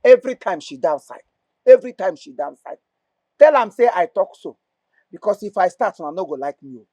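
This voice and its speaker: A man with a Nigerian accent acting a blind father in a comedy skit, loud and scolding. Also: high-pitched, lively intonation, fairly quick, dry recording.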